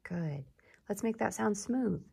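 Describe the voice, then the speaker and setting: A woman's voice: medium pitch, expressive, takes it slowly, gravelly, a little mellow, husky. A woman teacher giving a patient phonics lesson to young children, drawing out and sounding out words.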